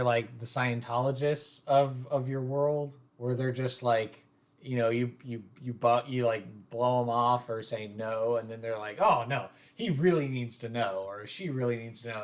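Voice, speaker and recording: A man's voice: medium pitch, little pitch movement, normal speed. A man hosting a tabletop role-play podcast, talking casually with lots of fillers and restarts. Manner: rambling, filler-heavy. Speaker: podcast host and game master. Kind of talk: casual chat.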